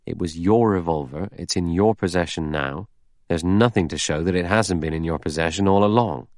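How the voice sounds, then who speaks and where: A man's voice: low-pitched, moderate pace, a little mellow, no room sound, studio quality. A man voicing a stolid, suspicious ex-policeman in an audiobook, blunt and plodding.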